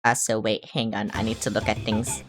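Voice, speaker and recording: A young woman with a notably low, dark-toned voice streams a video game. She rambles casually, swears freely and reacts with dramatic exclamations. Game music plays clearly under her voice. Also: flat delivery, normal speed. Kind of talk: casual gaming livestream chat. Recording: music playing over the voice.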